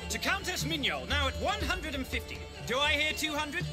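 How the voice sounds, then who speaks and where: An actor voicing a pompous auctioneer in a video game who calls out bids with grand, showy flourishes. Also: male voice, very high voice, lively intonation, normal speed, music in the background. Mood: grandiloquent. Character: pompous theatrical male auctioneer.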